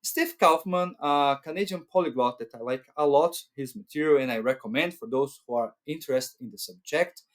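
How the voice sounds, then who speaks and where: A man's voice: medium pitch, fairly quick, hardly any pauses. A man, hosting an educational talk to camera and explaining patiently, often checking in with "right?". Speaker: channel host.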